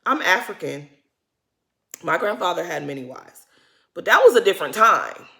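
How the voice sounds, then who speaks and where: A woman's voice: fairly low pitch, big pitch swings, moderate pace, gravelly, pushed and bright. A woman vlogger giving a sassy, blunt, casual recap of a reality show, talking straight at the cast and calling them "girl.". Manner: addresses cast members directly as "girl". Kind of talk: casual reaction commentary.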